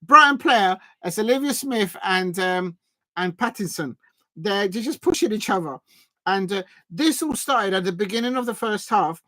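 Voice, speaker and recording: A man's voice: high-pitched, lively intonation, moderate pace, bright, forceful tone, no echo. A man hosting a live fan watch-along, commentating casually with many fillers and restarts and chatting with viewers. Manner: chatty, reads out and thanks viewers. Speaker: fan stream host.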